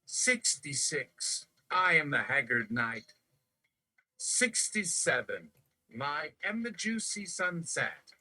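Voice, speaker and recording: Streamer guy counting off lines in a chanty recital, real slow, super lively pitch. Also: rough recording. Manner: chanting numbered declarations. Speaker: live streamer.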